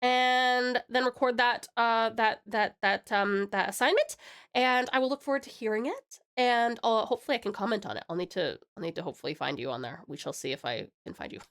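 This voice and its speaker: Speaking a little fast in an expressive, highish, somewhat bright voice, a young American woman chats with her live-stream viewers from a home desk mic. The casual talk is bubbly and giggly, and she affectionately calls them pet names.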